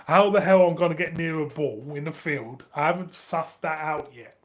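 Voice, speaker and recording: A man's voice: fairly high pitch, moderate pace. A middle-aged man with a northern English accent, chatting casually on a live stream, laughing often and swearing freely. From northern England. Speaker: beer review channel host.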